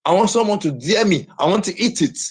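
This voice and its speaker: Husky-voiced boastful man. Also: high voice, lively intonation, a little fast. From Nigeria. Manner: boastful, repeats himself over and over. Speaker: live streamer. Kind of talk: live stream talk.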